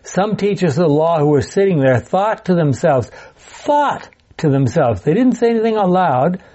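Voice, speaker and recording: A man's voice: high-pitched, expressive, brisk, dark tone, highs cut off. A man leading a Bible study class, chatty and digressive, with laughing asides as he teaches.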